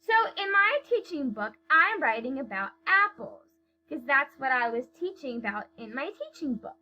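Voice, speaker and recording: A woman teaching young children to write, speaking slowly and clearly and stretching out words as she sounds them out. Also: sits high, big pitch swings, sharp tone, poor audio.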